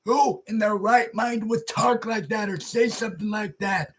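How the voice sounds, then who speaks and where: A man ranting loudly in a horror movie review video, often shouting and swearing. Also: high-pitched, moderate pace, a little hiss or hum. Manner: loud, profane, often shouting.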